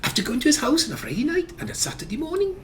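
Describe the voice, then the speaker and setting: A man voicing a small boy of about eight who is pleading and near tears, in a high, thin, whiny voice. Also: very animated, very fast, a bit bright, far from the mic, a little hiss or hum, full character voice. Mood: eager.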